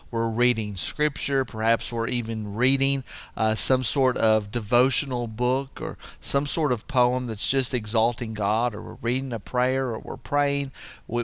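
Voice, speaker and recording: A man teaches scripture with earnest energy, acting out the quoted lines with a rising voice. His pitch sits in a middling register. The sound is dry and close, with no room echo. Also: fairly bright tone, clean tone. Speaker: preacher. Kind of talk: devotional Bible teaching.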